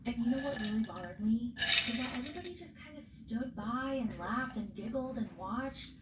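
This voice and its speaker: A woman's voice: a little high, animated, normal speed, echoey room, very noisy. A woman hosting a casual recap show, talking animatedly and bluntly, swearing freely. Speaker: podcast host.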